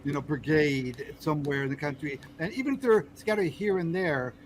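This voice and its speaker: An American man hosting a casual political podcast, talking in halting bursts with many fillers and restarts. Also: on the high side, slight background noise, poor audio. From United States. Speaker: podcast host.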